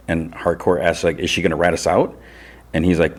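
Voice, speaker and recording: A man with a very low, deep voice hosting a casual podcast. He retells a TV episode scene by scene with plenty of fillers. He jumps up in pitch to act out each character's lines. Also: level tone, fairly quick. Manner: loose storytelling that acts out characters' lines in a raised voice; many fillers like "you know" and "like". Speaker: podcast host recapping TV episodes.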